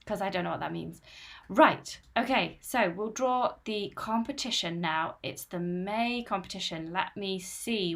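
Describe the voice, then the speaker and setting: Chatty woman hosting a live stream. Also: medium pitch. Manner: chatty and upbeat, reading out viewer comments. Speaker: host of a running channel live stream. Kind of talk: casual live-stream chat.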